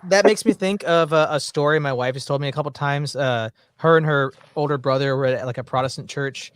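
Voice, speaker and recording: A man's voice: on the high side, fairly quick, clean tone, no room sound. A man hosting a casual podcast chat, joking in a mock-preachy way. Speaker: podcast host.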